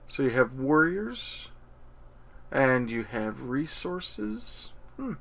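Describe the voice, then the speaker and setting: A man hosting an unboxing video, thinking aloud in a hesitant, casual way with many pauses and ums. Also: medium pitch, big pitch swings, creaky, a bit bright.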